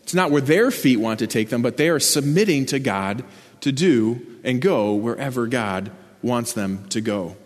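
Explaining scripture in an earnest sermon, a male preacher presses key words with building emphasis, speaking at normal speed with lively intonation. His mid-pitched voice carries a long reverb, like in a large hall.

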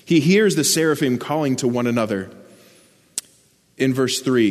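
A male preacher delivers an earnest sermon, explaining scripture and pressing key words with rising emphasis. His voice sits at an ordinary middle pitch. Long reverb trails behind him, as in a large hall. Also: normal speed, long pauses.

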